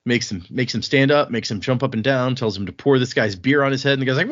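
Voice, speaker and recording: A man co-hosting a casual book podcast, recapping the plot in a chatty way and acting out quick bits of dialogue. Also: medium pitch, no echo, lo-fi sound. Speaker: podcast co-host.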